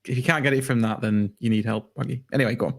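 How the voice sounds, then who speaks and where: Chatty podcast host. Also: male voice, medium pitch, fairly even intonation, gravelly. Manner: chatty, laughing often, brisk sign-offs. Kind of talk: casual chat.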